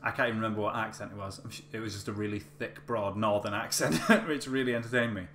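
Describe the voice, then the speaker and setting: Rambling male vlogger, low voice, roomy echo, casual storytelling. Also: fast talker, fairly bright tone. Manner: chatty, rambling with many fillers and restarts. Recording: echoey room with faint hum.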